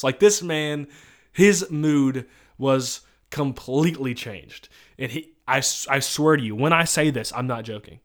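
A man's voice: fairly high pitch, measured pace. A young man from Missouri, co-hosting a podcast in a casual chat, rambling through long stories and laughing often. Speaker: podcast host.

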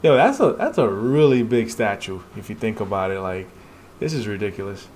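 A man hosting a casual read-along, excitedly reacting to a comic he loves. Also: on the low side, fairly quick, slight background noise. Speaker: podcast host reading a comic aloud.

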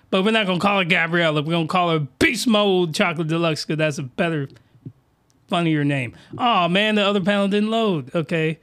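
A man's voice: high-pitched, brisk, fairly bright tone. A man giving a crude, rambling comic review, full of fillers and asides. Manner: rambling, rough-edged, with many fillers. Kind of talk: crude comedic commentary.

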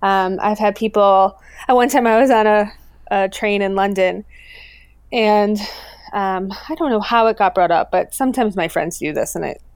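A woman's voice: mid-range voice, moderate pace, darkish tone, smooth, no room sound, clean studio sound. A woman being interviewed about her popular dog account, talking earnestly and enthusiastically with lots of fillers and restarts. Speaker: guest, owner of a popular pet account. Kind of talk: casual interview conversation.

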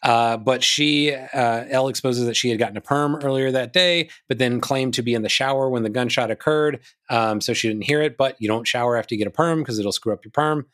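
A man's voice: mid-range voice, brisk, hardly any pauses, a bit bright. A man hosting a podcast in casual chat, recapping a film with wry asides. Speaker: podcast host.

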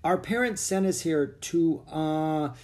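A man's voice: on the high side, takes it slowly, darkish tone, pitched above the performer's own voice. A man reading a storybook and voicing a nervous young boy who hesitates and fumbles for words. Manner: hesitant, with fillers.

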